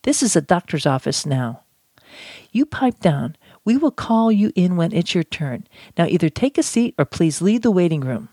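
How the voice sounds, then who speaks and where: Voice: mid-range voice, very animated, moderate pace, warm tone, dry recording, clean studio sound. Reader voicing a reassuring female receptionist. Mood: stern. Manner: soothing, reassuring. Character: calm female office worker. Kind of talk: read-aloud role play.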